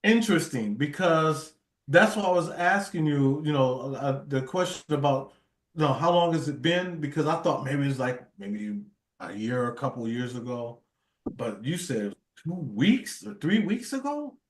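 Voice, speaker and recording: A man's voice: medium pitch, animated, normal speed, roomy sound. A man hosting a casual chat show, laid-back and playful, laughing a lot. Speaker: host.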